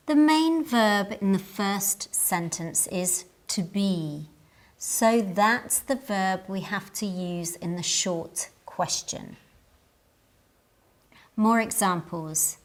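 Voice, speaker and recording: A woman teaching English in a scripted lesson. She speaks at an extremely unhurried pace and shapes each word with care. Her pitch sits in a middle range. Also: expressive. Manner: careful, deliberate enunciation.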